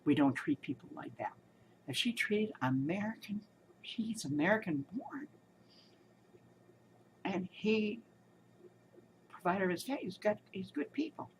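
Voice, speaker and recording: In a rough recording with slight background noise, a woman with a mid-range voice gives casual spoken commentary. She recounts a hospital experience in an indignant, emphatic, rambling way.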